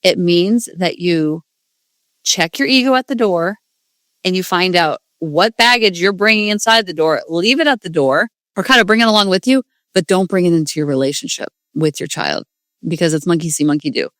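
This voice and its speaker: A woman who hosts a parenting podcast and works as a parenting coach talks casually and earnestly in a solo episode, with self-deprecating asides. Her voice is on the low side, expressive and fairly bright, at a moderate pace with no room sound.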